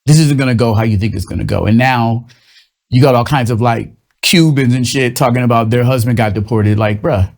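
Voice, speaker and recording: A man's voice: medium pitch, brisk, gravelly, a little mellow. Profane rambling young man monologuing. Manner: loose, profane, rambling storytelling with shifting vocal impressions. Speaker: host of a comedic commentary show. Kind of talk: casual comedic monologue.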